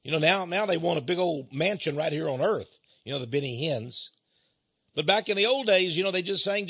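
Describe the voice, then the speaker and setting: Middle-aged male radio preacher, husky and dry, impassioned rant with frequent laughs. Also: a little high, lively intonation, a little fast, fairly bright tone, dry recording, dull audio. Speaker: radio ministry host. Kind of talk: ranting radio monologue. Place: radio studio.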